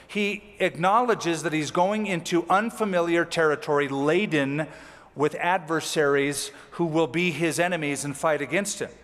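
A man's voice: a little high, fairly bright tone. A man preaching a verse-by-verse sermon as pastor, reading scripture aloud and then explaining it with casual, conversational asides. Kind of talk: expository sermon. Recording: hall with long reverb.

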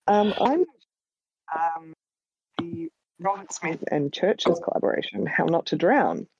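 A woman's voice: lowish voice, expressive, slow pace, vocal fry, darkish tone, husky. An Australian woman, a guest writer, chatting casually in a rambling, hesitant way full of ums, on a dull lo-fi recording. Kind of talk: casual chat. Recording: dull lo-fi sound.

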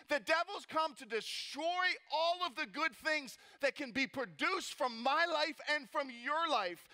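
A man preaching a sermon as pastor, energetic, asking rhetorical questions and tossing in playful asides. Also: very high voice.

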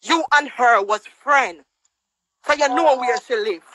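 A woman's voice: a little slow, fairly bright tone, a little hiss or hum, poor audio. A woman with a Jamaican accent ranting angrily on a social media live stream over a phone, scolding and mocking in patois. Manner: angry, scolding, mocking quotes in higher voice. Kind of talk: heated live-stream rant.

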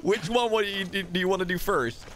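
A man hosting a casual co-op gameplay video, chatty and quick to exclaim. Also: high-pitched, noisy background. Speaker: gaming channel host.

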